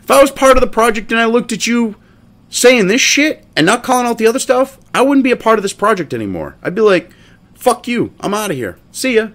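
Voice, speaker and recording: A man's voice: extremely high pitch, very animated, quick pace, a bit bright. A man hosting a commentary show, ranting profanely and mocking a statement as he reads it aloud.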